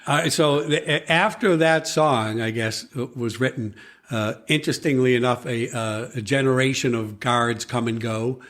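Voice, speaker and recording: A man recounting his past as a podcast guest, in an animated storytelling manner. He slips into the voices of people he quotes and often restarts his sentences. His voice sits at a middling pitch. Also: normal speed. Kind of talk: storytelling in conversation.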